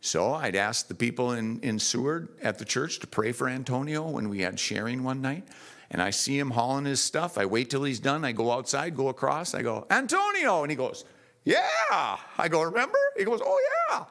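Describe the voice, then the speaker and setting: A man preaching a sermon in church, telling stories in a lively, animated way. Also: medium pitch, brisk.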